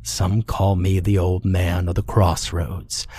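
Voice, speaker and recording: Man doing ancient tree troll, low creaking voice, mocking, drawn-out. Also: flat delivery, dark tone, dry recording, exaggerated voice. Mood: amused menace. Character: ancient male tree-like fae troll, amused, unhurried.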